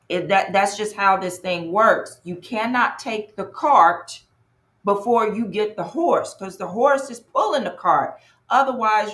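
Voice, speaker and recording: A woman's voice: mid-range voice, measured pace, echoey room. A woman from North Carolina, hosting a live online workshop and chatting with viewers by name. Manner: lively, chatty, greets viewers in the chat by name. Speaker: workshop host and coach.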